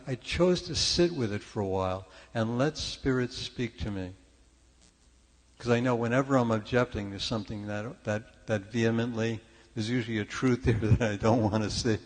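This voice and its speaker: A man's voice: medium pitch, moderate pace, big-room sound. An older man giving a conversational, story-filled sermon at a church service. He talks in a chatty, self-deprecating way and often restarts his sentences. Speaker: speaker at a spiritual church service. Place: church sanctuary.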